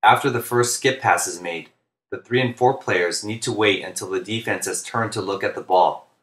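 A man, a basketball coach, narrating instructional plays in a flat, deliberate monotone, speaking clearly. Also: on the low side, roomy sound. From United States. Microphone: home recording for narration.

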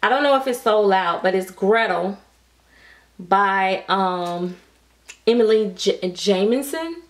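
A woman's voice: medium pitch, expressive, slow. American woman gushing over doll kits, lots of oh my god, talks with y'all, casual vlog. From United States. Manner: gushing, breathless exclamations, frequent "oh my God"; Southern American Black vernacular, "y'all". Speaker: reborn doll artist reviewing kits. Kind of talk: excited casual vlog review.

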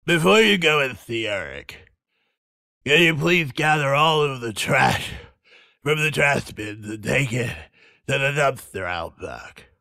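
A man's voice: mid-range voice, expressive, unhurried, gravelly, pushed and bright, dry recording, clean studio sound, heavily acted. A man voicing a polite, slightly bossy cinema manager in a game, with a congested, nasal voice.

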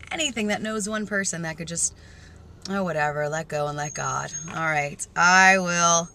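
A woman talking to a handheld camera while driving her car, chatty and excitable, rambling with sudden jumps in loudness. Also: lowish voice. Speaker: vlogger. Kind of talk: casual excited car vlog. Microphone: handheld camera facing her in the car. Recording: car noise in the background.

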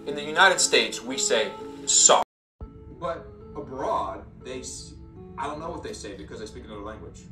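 A man doing a comedic interview, asking absurd questions in a deadpan, mock-earnest way. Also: medium pitch, normal speed. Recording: roomy clip audio from a distance, music.

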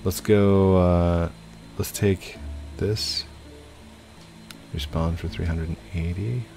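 A man's voice: sits low, fairly even intonation, takes it slowly, gravelly, warm tone, faint music behind. A man hosting casual let's-play commentary at his home computer, chatting to viewers and narrating his own moves. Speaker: gaming channel host.

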